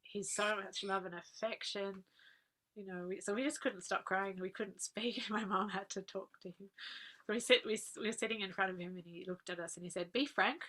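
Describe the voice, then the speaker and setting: A woman, earnestly recalling personal memories as a guest speaker, laughing softly now and then. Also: mid-range voice, fairly even intonation, fairly quick. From Australia. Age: 40s. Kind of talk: personal reminiscence talk.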